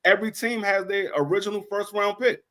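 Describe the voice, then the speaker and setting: A man hosting a casual sports talk stream, joking through animated banter. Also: sits high, a little fast, slight background noise.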